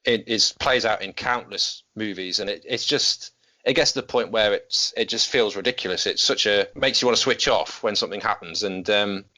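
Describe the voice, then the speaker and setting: A man co-hosts a casual film podcast, speaking in a measured, conversational way. His voice is on the low side with a bright, forceful tone. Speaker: podcast co-host.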